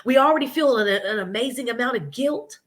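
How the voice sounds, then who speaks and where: A woman's voice: a little high, lively intonation, fairly quick. A woman, telling her story animatedly in a casual interview and acting out the voices of people she quotes. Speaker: preschool owner and guest. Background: children nearby at home.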